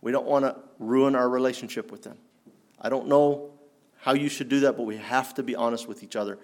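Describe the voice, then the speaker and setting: A man preaching a sermon in an earnest, challenging way, rising for emphasis and dropping low. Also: steady tone, a little fast. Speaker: pastor.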